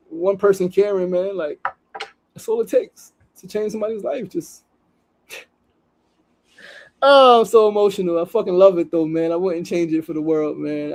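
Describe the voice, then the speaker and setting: Gravelly, mellow-voiced New man. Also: on the high side, low-quality recording. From New York City. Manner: emotional, swears freely, reads a story aloud. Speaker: podcast host. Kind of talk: casual daily show monologue. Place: studio.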